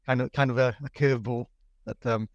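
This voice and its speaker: A Welsh-accented technology executive in his forties answers questions as a guest in a casual interview, hesitant, laughing lightly and often repeating words. His medium-pitched voice has little pitch movement and moves fairly quickly. The recording is dry and muffled.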